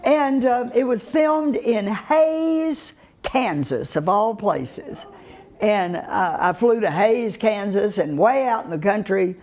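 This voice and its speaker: A woman's voice: medium pitch, animated, slow, darkish tone. An older woman with a Texan accent, telling stories of her acting career to a live audience in a folksy way, chuckling often and wandering through fillers. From Texas. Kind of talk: unhurried storytelling to a live audience.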